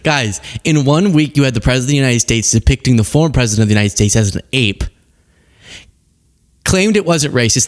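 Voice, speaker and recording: Animated sarcastic young man commentating. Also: mid-range voice. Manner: animated, sarcastic, laughs at own jokes. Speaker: political commentary host. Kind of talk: casual political commentary.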